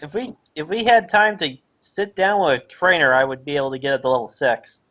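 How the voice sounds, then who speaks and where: Higher-voiced man on dull call audio. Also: fairly quick, pushed and bright. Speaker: player. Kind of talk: casual game chat.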